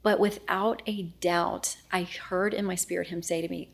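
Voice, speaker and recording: Earnest middle-aged woman with a gravelly low voice. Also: steady tone, normal speed. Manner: earnest, reenacts dialogue, often drops to a hushed voice. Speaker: news anchor and guest. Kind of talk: emotional personal storytelling in interview.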